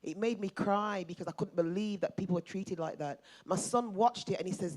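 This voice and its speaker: A middle-aged woman in the audience giving a forceful, emphatic public comment, repeating her points. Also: mid-range voice, fairly quick, few pauses. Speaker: audience member.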